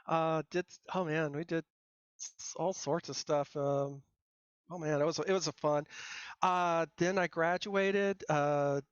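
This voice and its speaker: A middle-aged man, a software engineer guest, telling his career story in a casual, rambling, self-deprecating way with many fillers and restarts. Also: a little high, steady tone, takes it slowly, clear, resonant tone, dry recording. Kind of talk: casual interview talk. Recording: dull dry lo-fi sound.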